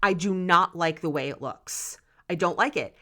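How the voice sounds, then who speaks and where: A woman's voice: fairly low pitch, normal speed, a bit bright. A woman in her forties hosting a solo podcast, talking candidly and passionately and swearing freely. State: close to tears. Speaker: podcast host.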